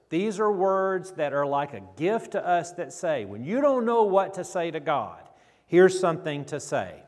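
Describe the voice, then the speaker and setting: A man preaching a sermon in an earnest, unhurried way. His voice sinks low and soft when he reads scripture. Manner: slow, earnest, drops low and quiet when reading scripture. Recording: long reverb of a large hall.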